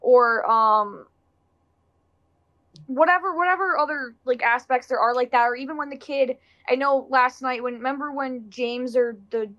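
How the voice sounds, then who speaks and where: A woman's voice: sits high, moderate pace, pushed and bright, lo-fi sound. A woman chatting casually about a film, acting out people's reactions with lots of fillers. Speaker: podcast co-host. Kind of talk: casual movie discussion.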